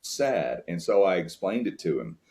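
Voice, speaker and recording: A very deep-voiced man speaks as a podcast guest, earnest and open as he reflects on fatherhood. His talk is warm in content but plain, full of restarts as he searches for words. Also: normal speed. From United States. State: tearing up at times.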